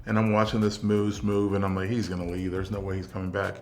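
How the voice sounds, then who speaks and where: This is a young man from South Texas, a veteran being interviewed, who speaks in a low, laid-back voice. He rambles through his anecdotes with plenty of "um" and "you know," keeping the tone of a casual conversation. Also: quick pace, a little hiss or hum. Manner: relaxed, rambling anecdotes with many fillers. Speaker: interview guest, military veteran.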